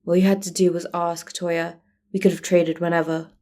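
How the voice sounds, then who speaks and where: A woman voicing a dry, deadpan teenage boy hero student. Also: on the low side, normal speed, natural voice. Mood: sardonic.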